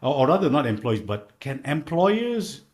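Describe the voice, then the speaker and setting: A man hosting an interview, asking questions haltingly with many fillers. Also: a little high, very animated. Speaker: podcast host.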